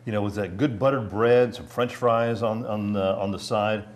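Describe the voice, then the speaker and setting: A man's voice: fairly low pitch, fairly even intonation, normal speed. A man hosting a local TV food segment, chatting friendly and easily with a restaurant owner as he walks through her restaurant and kitchen. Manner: friendly, chatty, lots of mm-hmms. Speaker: TV segment host. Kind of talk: local TV feature interview. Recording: TV field recording with background noise.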